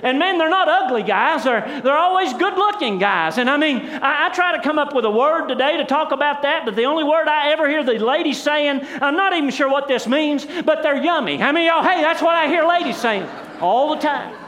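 A man's voice: extremely high pitch, animated, fairly quick, hardly any pauses, bright, forceful tone. A middle-aged man preaching a sermon as pastor, in a folksy storytelling way with rhetorical asides to the congregation.

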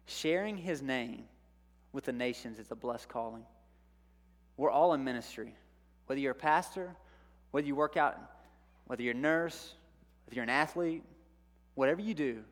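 A middle-aged male youth pastor preaching a sermon, telling a story from his college days in an animated way and acting out his own panic. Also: mid-range voice, moderate pace, long pauses. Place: church sanctuary. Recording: long hall reverb.

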